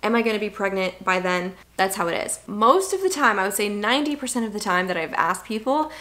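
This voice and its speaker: A woman's voice: mid-range voice, animated, fairly quick, fairly bright tone. A young woman talks straight to her viewers in a casual vlog. She is chatty and candid and acts out the voices of people she quotes. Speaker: vlogger. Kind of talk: casual talking-head vlog.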